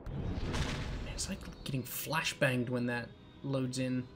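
Young man, casual let's play commentary, joking, rambling, average pitch. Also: level tone, slow, noisy background. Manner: rambling, joking, self-interrupting. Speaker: gaming channel host.

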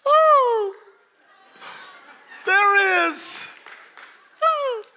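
A man as guest preacher, giving a fervent, animated sermon in church with storytelling and shouted peaks. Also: very high-pitched, very slow, slight background noise. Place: church service.

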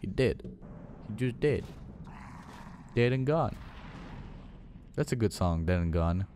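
A man's voice: fairly low pitch, expressive, takes it slowly, mellow, a little hiss or hum. A young man commentating his own gameplay, swearing a lot and scolding his game units. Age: young adult. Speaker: gaming channel host. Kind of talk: let's play commentary.

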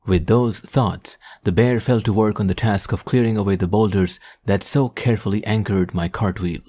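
A man narrating an adventure audiobook in a measured, descriptive storytelling manner. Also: on the low side, fairly even intonation, mellow. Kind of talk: scripted narration.

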